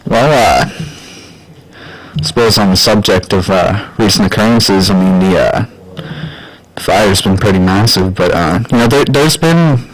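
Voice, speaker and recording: A man's voice: lowish voice, a little slow, rough recording. A young man, an intern, chatting on a live stream in a hesitant way with many fillers. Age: young adult. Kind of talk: casual live chat.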